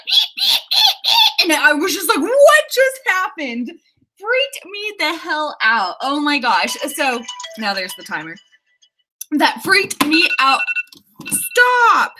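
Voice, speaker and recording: A young woman chatting casually on a livestream from her apartment, giggling often and reading viewer comments aloud. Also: high-pitched. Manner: giggly, excitable, laughs often. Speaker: author livestreaming writing sprints.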